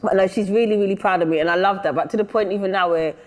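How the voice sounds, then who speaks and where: Fast-talking British woman, chatty. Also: mid-range voice, in a large hall. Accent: British English. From England. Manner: chatty, often asks "do you know what I mean". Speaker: guest singer-songwriter. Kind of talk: casual interview chat.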